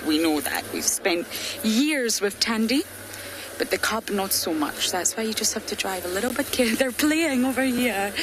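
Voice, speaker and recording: A woman safari guide giving live game-drive commentary from an open vehicle, chatty, laughing often, at times hushed to a whisper. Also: medium pitch. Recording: engine and outdoor ambient noise.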